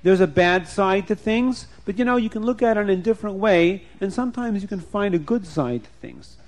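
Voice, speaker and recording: A man plays a wise old rebbe in a children's story, speaking calmly and gently to comfort a grieving man. The voice sits fairly high for a man. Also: brisk. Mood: consoling. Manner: gentle, consoling.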